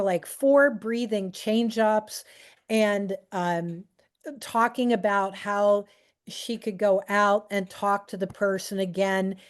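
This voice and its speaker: A woman's voice: medium pitch, darkish tone. A middle-aged woman speaking casually to a group, chatty and anecdotal. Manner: chatty and anecdotal, with fillers and restarts. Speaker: speaker on aging and technology.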